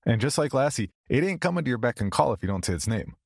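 A man's voice: mid-range voice, big pitch swings, fast talker, gravelly, no echo, clean studio sound. A man narrating a first-person horror story as a scripted monologue, with a wry, sardonic, offhand conversational delivery.

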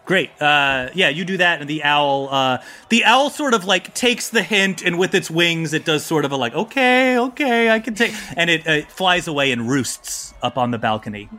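A man narrating as game master in a tabletop game, who gives playful, quick asides. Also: a little high, bright, forceful tone.

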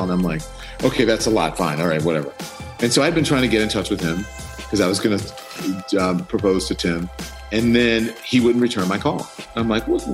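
A middle-aged man tells a story in a casual interview, voice dropping low and then leaping up as he plays out each exchange. His pitch is lively and sits on the lower side. Faint music runs quietly underneath. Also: moderate pace. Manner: animated, acts out quotes with big pitch jumps. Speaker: interview guest.

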